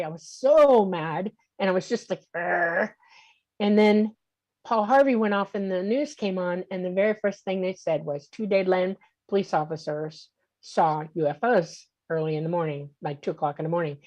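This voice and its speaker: Animated older woman telling her story. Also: mid-range voice, brisk, no echo, lo-fi sound. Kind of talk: casual storytelling interview.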